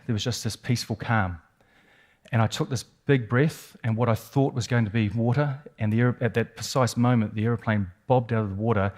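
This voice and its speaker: A man's voice: on the low side, a little mellow. New Zealand man telling a gripping story. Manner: vivid, suspenseful retelling with emphatic repetition. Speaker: keynote speaker. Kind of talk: dramatic personal storytelling talk.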